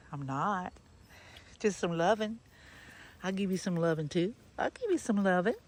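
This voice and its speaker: A woman's voice: mid-range voice, darkish tone, slight background noise. A woman vlogging her farm chores outdoors, chatting casually and cooing to the animals as she goes. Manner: chatty, coos and talks to the animals. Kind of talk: casual vlog chat while doing farm chores. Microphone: camera set down nearby.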